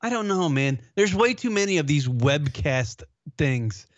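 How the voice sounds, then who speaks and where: A man's voice: fairly high pitch, measured pace, no room sound, highs cut off. A man co-hosting a call-in internet radio show, ranting and swearing in casual banter. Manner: ranting, swears often, animated. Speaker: podcast co-host.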